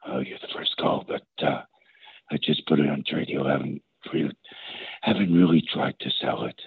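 A man playing a gruff caller with a deep, raspy, threatening voice over a phone line. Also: normal speed, no echo, heavily acted. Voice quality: deep gravelly rasp. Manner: curt and menacing. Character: gravel-voiced gruff man selling a nail gun.

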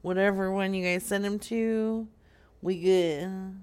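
Slow-talking giggly woman co-host. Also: mid-range voice, steady tone, a little mellow, clean tone. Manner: giggly, swears freely, drops to mumbles. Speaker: podcast co-host. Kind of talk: casual chat.

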